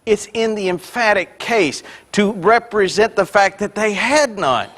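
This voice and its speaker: A male pastor preaching a sermon with energy, swelling loud on key points and dropping in joking asides to the congregation. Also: high voice, expressive, measured pace.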